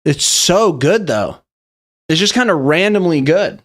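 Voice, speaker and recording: A man's voice: a little high, expressive, unhurried, fairly bright tone. A young man hosting a live stream, reacting loosely and profanely to memes, rambling and chatty. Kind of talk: casual live-stream meme review.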